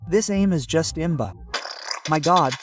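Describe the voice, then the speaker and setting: A man's voice: on the high side, expressive, unhurried, far from the mic. A man hosting a casual reaction video, exclaiming and joking with his viewers as he comments on clips.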